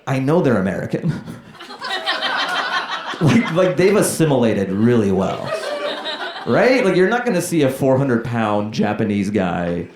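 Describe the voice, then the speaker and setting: A man's voice: fairly low pitch, noisy background. A man performing a stand-up comedy set, chatting loosely with the crowd and acting out voices. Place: comedy club stage. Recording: roomy club with crowd laughter. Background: laughing audience.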